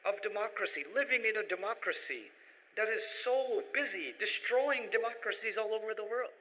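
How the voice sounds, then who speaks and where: Male lecturer with a high, piercing delivery; emphatic, repetitive sermon rhythm; recorded with reverb in a large hall. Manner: emphatic, rhetorical repetition, rising to forceful peaks. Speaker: Islamic lecturer. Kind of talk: sermon-style lecture to an audience. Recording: echoey hall, dull lo-fi sound.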